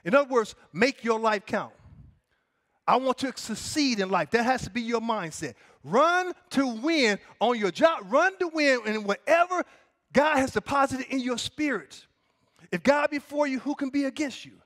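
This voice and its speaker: High-voiced preaching pastor. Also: male voice, expressive, normal speed, a bit bright. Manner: preaching with call-and-response, rising and dropping cadence. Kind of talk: sermon.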